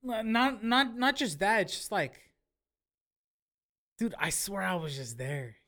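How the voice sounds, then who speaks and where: Guest, man, lively pitch, rambling and crude. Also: unhurried. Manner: rambling, swearing, animated. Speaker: podcast guest. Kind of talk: casual drinking chat.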